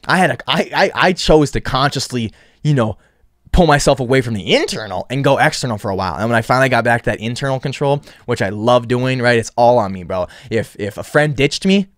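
A man's voice: medium pitch, lively intonation, fast talker, dry recording, clean studio sound. A man hosting a solo podcast, rambling with frequent restarts and repeated words. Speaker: podcast host.

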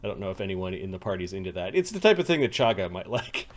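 A man running a tabletop game as game master, describing rooms and clues in an unhurried way and chuckling between details. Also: on the low side.

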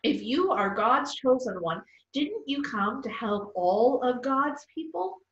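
A woman voicing a fierce, desperate mother who pleads and argues forcefully. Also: a little high, lively intonation, slow, a little hiss or hum, pitched above the performer's own voice. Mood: arguing. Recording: distant, roomy, dull sound.

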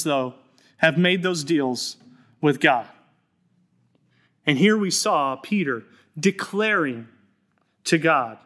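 Earnest high-voiced male pastor preaching. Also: fairly bright tone. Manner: storytelling, earnest and conversational. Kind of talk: sermon.

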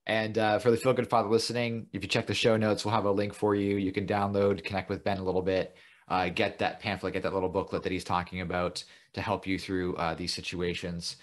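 Deep-voiced enthusiastic male host. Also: level tone, fairly quick. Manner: enthusiastic, praising. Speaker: podcast host. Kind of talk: casual interview talk.

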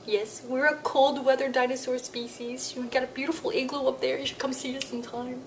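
A woman's voice: high-pitched, little pitch movement, brisk, slight background noise. A woman voicing Doug, a friendly, shy male dinosaur puppet who chats earnestly on a children's story show. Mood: chatty.

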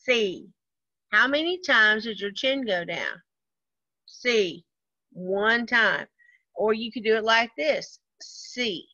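A woman leads a music lesson for small children, speaking slowly and patiently with a bright, crisp voice. She counts rhythms aloud in a sing-song manner. The sound is dry and a little dull, like a lo-fi video call. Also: medium pitch, dry recording. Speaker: first grade music teacher. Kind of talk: online lesson for young children.

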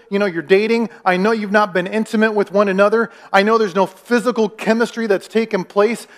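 A man preaching a sermon as pastor, talking conversationally, asking the congregation questions and acting out the voices of people in the story. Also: high voice. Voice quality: acts out quoted voices in the story.

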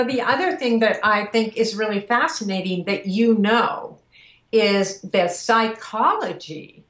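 Female host, unhurried and reflective, roomy echo. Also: mid-range voice, fairly bright tone. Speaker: interview host. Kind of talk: casual interview. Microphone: video call.

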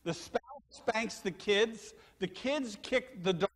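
The recording, soaked in long church-hall reverb, captures an older pastor preaching in the sanctuary. His voice is high-pitched and slow, and he tells stories with animation while questioning the congregation.

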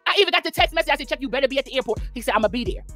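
Rapid-fire indignant woman, cursing. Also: high voice, expressive, fairly bright tone, faint music behind. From Philadelphia. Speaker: guest. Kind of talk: heated casual storytelling.

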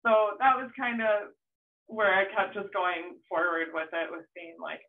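A young adult woman chats as a guest in a casual interview, telling a lively story and often laughing. Her voice sits at an ordinary middle pitch. It comes through a narrow, phone-like line and sounds a little distant from the mic. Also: a little slow. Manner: animated storytelling, acts out her own past shouts, laughs often. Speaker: surf photographer, guest.

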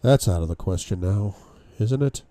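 A man reads a novel aloud in a deep, very dark and mellow voice, lending the first-person lines dramatic bursts of force. The recording is dry and close, with no room sound. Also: expressive, moderate pace, no room sound. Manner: dramatic first-person reading with sudden outbursts. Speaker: book club reader.

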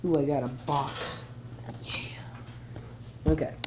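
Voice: mid-range voice, level tone, slow pace, background noise. A player giving casual gameplay commentary, reading the game's text aloud and chuckling at it along the way. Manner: reads game text aloud with chuckling asides. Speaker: game player.

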